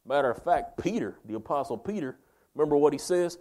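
A man preaches a folksy, emphatic sermon in a fairly high, animated voice, calling his listeners "man" and "baby." He swings between loud emphasis and quiet, slow lines.

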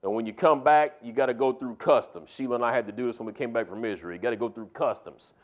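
A man preaching in a relaxed, down-home way, his voice sitting at an ordinary middle pitch. He leans on key phrases and pushes up into loud, emphatic peaks to drive home a point. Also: fast talker, lo-fi sound. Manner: folksy, emphatic preaching with rising, punchy climaxes. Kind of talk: sermon.

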